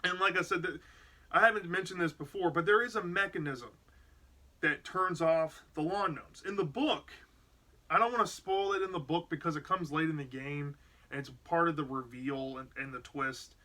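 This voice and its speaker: Man reviewing a show, chatty recap, fairly high and bright voice. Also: moderate pace. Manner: chatty, relaxed retelling with fillers and laughs. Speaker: episode reviewer. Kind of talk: casual spoken episode recap.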